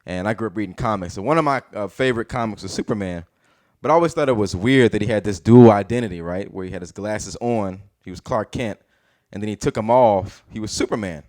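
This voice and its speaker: A man's voice: lowish voice, fast, darkish tone. Laid-back man doing stand-up. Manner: laid-back storytelling with laughs. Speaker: stand-up comedian. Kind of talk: stand-up comedy set.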